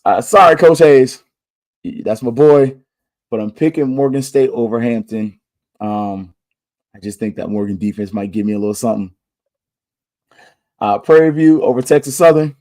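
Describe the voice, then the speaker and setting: A podcast host in Orlando casually runs through his game picks, slangy and loose, thinking aloud as he goes. His voice is mid-range with a dark tone.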